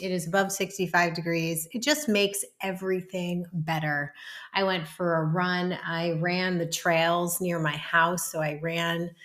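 This is a woman hosting her own wellness podcast, chatting casually and brightly about her day. Her voice sits a little low for a woman. When she leads a breathing exercise she turns calm and soothing. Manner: upbeat, gushing, soothing when guiding. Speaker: podcast host.

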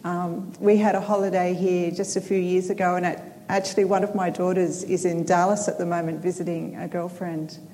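A woman's voice: on the low side, flat delivery, brisk, hardly any pauses, warm tone. A middle-aged Australian woman giving an earnest, friendly seminar talk, with some hesitant fillers. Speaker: seminar speaker. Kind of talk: Christian seminar lecture. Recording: long hall reverb, faint ambience.

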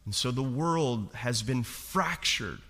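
A man's voice: mid-range voice, lively intonation, slow pace, pushed and bright. A male pastor preaching a sermon in a church, talking to the congregation with rhetorical questions and acting out quoted voices. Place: church sanctuary. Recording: long hall reverb.

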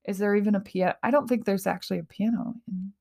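A woman hosting a casual motivational talk, playful and quick to laugh at herself, often dropping into breathy whispers. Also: mid-range voice, fairly even intonation, a little mellow.

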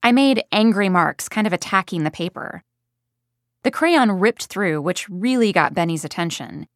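A woman's voice: medium pitch, animated, normal speed, no room sound, lightly acted. A mother recounts a story about her young son in a plain, conversational way, as read by a woman. The recording is dry and close. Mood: storytelling. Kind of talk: audiobook first-person reading.

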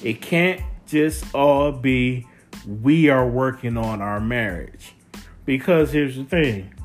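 Male co-host, easygoing and jokey, unhurried delivery, faint music bed. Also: mid-range voice. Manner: laid-back, joking, drawn-out delivery. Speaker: podcast co-host, husband. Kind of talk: casual marriage chat.

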